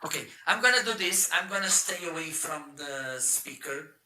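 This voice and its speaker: A man's voice: on the high side, animated, sharp tone. A man from South Africa co-hosting a live shopping stream, demoing a mic and speaker with playful jokes. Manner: playful, joking, unhurried. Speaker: live shopping show co-host. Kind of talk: casual live-stream product demo. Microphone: handheld mic through a speaker.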